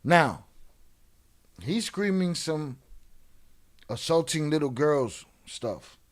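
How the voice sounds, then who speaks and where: A man's voice: fairly high pitch, animated, slow. A man hosting a live show, giving casual, profane commentary in street slang on crime videos. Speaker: host.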